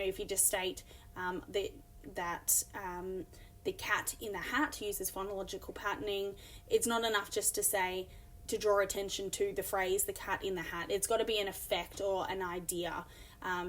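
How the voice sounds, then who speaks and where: Woman teacher, mid-pitched, explanatory, filler-heavy lesson delivery. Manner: explanatory, many fillers, reads examples aloud. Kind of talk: recorded classroom lesson.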